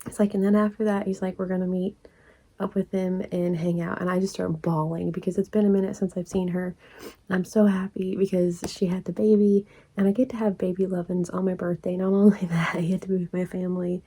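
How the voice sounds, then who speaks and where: A woman, telling a rambling story in a casual vlog, laughing often and dropping into soft asides. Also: lowish voice, little pitch movement, fairly quick, slightly rough. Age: 40s. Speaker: crochet vlogger.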